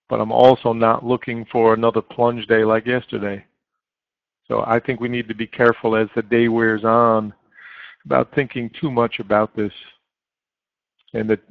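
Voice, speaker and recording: A man's voice: mid-range voice, creaky, dry recording. Guy coaching traders live in a chat room, lots of ums, dry tinny line. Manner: steady, coaching tone with frequent fillers. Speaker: trading chat room moderator. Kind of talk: live market commentary.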